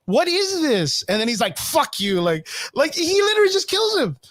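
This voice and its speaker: A man co-hosting a podcast in casual debate, profane and animated, acting out scenes as he retells them. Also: very high voice, brisk, no echo, clean studio sound. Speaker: podcast co-host.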